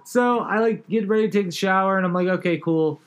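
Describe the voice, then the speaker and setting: A man's voice: high voice, brisk. A man telling a long, profane story in casual chat, laughing often and rambling through fillers.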